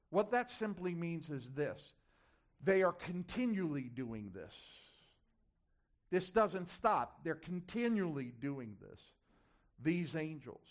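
Slow, high-voiced male preacher. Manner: emphatic repetition and rhetorical questions to the congregation. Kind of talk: sermon.

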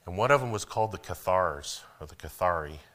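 A deep-voiced preacher delivering a sermon, his low tone cutting through with a bright, forceful edge. He talks to the congregation like a conversation, tossing them questions, then swells into emphatic declarations. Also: animated, brisk. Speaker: pastor.

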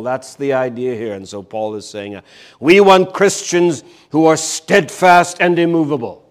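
An older man preaching a sermon in an earnest, emphatic way, slowing down to repeat key words. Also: on the high side.

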